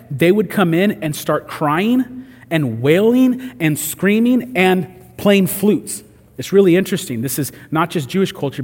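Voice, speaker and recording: A man's voice: a little high, a little mellow, husky, long reverb tail. A man preaching a sermon in a conversational way, acting out the voices he quotes. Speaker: pastor.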